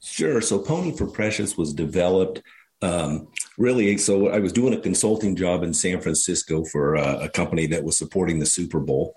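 A man's voice: low voice, normal speed, a little mellow. A man being interviewed as a charity founder on a studio radio show, telling long rambling stories and acting out the people he quotes. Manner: rambling storyteller, acts out quoted voices. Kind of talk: casual interview talk.

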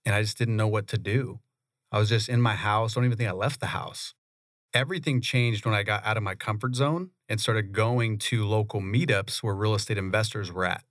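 A man, a real estate investor, telling his story in a relaxed, conversational way in a radio studio. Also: on the low side, a little fast, no echo. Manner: relaxed, conversational, laughs often. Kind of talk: interview storytelling.

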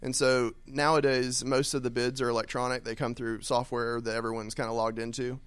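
A man sitting in as a guest on a radio talk show, answering questions in an easygoing, laughing manner. His medium-pitched voice comes through dry and close in the studio. He explains his work plainly and without fuss. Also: little pitch movement, a little fast, fairly bright tone, clean tone, no echo. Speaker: guest, steel company owner. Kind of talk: casual interview answers.

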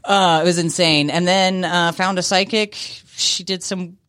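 A woman's voice: on the low side, steady tone, a little slow, a bit bright, no room sound. A woman, a business owner and actor, chatting as a guest in a radio studio, rambling and laughing with the odd swear word. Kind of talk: casual radio interview chat.

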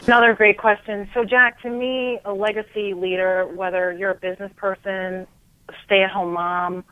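A woman guest on an interview show, a coach who talks in an energetic, animated way and often repeats words, heard over a phone line. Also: medium pitch, moderate pace, no echo. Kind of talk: casual interview chat.

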